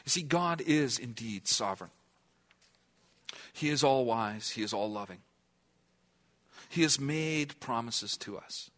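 A man's voice: medium pitch, animated, unhurried, long pauses. Earnest male preacher asking questions. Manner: earnest, asks the listeners questions, then drops to a hush. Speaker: pastor. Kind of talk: sermon.

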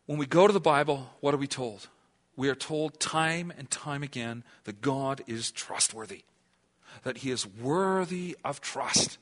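A man's voice: mid-range voice, a little slow. Earnest male preacher asking questions. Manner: earnest, asks the listeners questions, then drops to a hush. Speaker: pastor. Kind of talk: sermon.

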